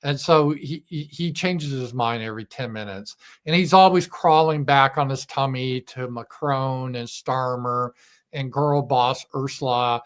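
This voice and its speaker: A man's voice: mid-range voice, normal speed. A man hosting a livestream show, giving blunt, sarcastic political commentary with crude asides. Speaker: show host.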